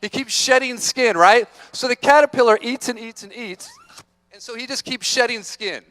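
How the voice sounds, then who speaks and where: A man giving an energetic, playful motivational talk to students, teasing the audience, on a stage microphone in a large conference hall. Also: very high voice, normal speed. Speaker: motivational speaker.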